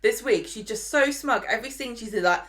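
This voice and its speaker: A woman's voice: a little high, animated, fairly quick, a bit bright. A woman co-hosting a casual podcast chat about a soap opera, blunt and sarcastic. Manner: blunt, sarcastic, does mocking impressions. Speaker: podcast co-host.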